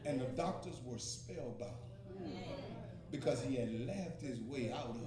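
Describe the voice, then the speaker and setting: A man's voice: mid-range voice, animated, unhurried, a crowd in the background. A man preaching in a storytelling sermon, repetitive and rousing, with laughter and calls to the congregation. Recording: echoey hall, mic far off, congregation.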